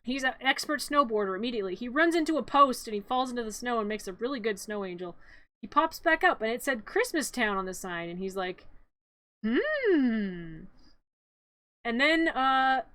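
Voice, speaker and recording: A woman's voice: on the high side, lively intonation, normal speed, sharp tone, no echo. A woman streamer narrating a cartoon in a playful, rambling, giggly way, often correcting herself.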